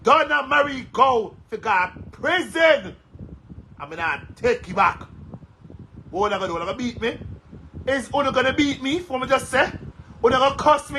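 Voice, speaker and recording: A man's voice: extremely high pitch, expressive, moderate pace, pauses often, bright, forceful tone, slight background noise, low-quality recording. A man with a Jamaican accent, angrily ranting at his followers, cursing and repeating himself. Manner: heated, cursing, repetitive. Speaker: social media commentator. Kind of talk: angry rant to followers.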